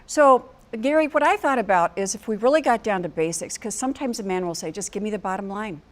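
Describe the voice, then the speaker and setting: A woman's voice: medium pitch, lively intonation, quick pace. An older American woman, a marriage coach, giving an earnest teaching talk to couples and acting out phrases with emphasis.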